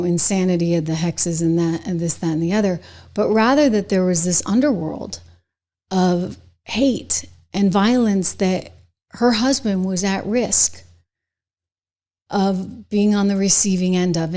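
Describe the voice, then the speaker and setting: A middle-aged woman hosts her own political commentary show, speaking directly to her viewers. Her voice sits at a middle pitch, and she turns indignant and emphatic, leaning hard on her points. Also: dark tone. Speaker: show host.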